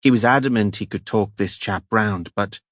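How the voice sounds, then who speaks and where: A man voicing a calm woman leaving a reassuring voicemail in an audiobook. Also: lowish voice, moderate pace, no echo, clean studio sound. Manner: soothing, reassuring. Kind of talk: audiobook character voice.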